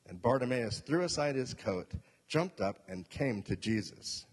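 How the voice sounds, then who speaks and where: A man's voice: lowish voice, lively intonation, measured pace, husky. A male pastor preaching a sermon, emphatic, repeating key points and asking the congregation questions. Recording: long reverb of a hall.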